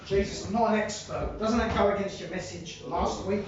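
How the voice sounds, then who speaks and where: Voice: medium pitch, fairly even intonation, fairly quick, background noise, lightly acted. An actor playing an exasperated disciple with a Liverpool accent, scolding in a live stage comedy sketch. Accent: English, Liverpool. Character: exasperated disciple, Jesus's harried aide. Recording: echoey, distant, muffled lo-fi room recording.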